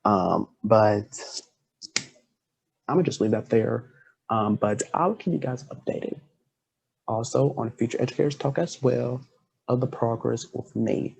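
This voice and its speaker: A man's voice: medium pitch, measured pace, vocal fry, pauses often, a little mellow, breathy edge. A man hosting a podcast, chatting with a guest in an earnest, heartfelt way. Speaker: podcast host. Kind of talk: casual interview chat.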